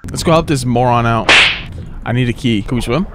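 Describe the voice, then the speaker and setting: A young man streaming a horror game, talking in slang, yelping and shouting whenever he gets scared. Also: medium pitch, a little fast, very noisy. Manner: excitable, yelps and shouts when scared, slangy. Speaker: gaming streamer. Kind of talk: horror game let's play commentary. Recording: game music playing behind.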